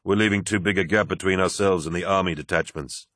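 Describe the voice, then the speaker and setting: Man doing a wary armoured officer, low, steady, very deep, dry, audiobook. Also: fast, no room sound. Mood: urgent. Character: grim armoured warrior officer, adult male, wary.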